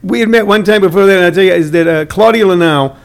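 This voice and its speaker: A man's voice: high voice, fast talker, vocal fry, clear, resonant tone. A middle-aged man, a comedian who teaches comedy, chatting casually and acting out the people in his stories. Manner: animated storyteller, acts out quotes. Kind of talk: casual chat.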